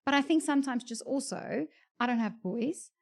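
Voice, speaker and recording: A woman's voice: sits high, moderate pace, creaky. A woman with a South African English accent, chatting in a relatable way on a discussion panel about parenting. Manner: chatty, relatable, agrees often.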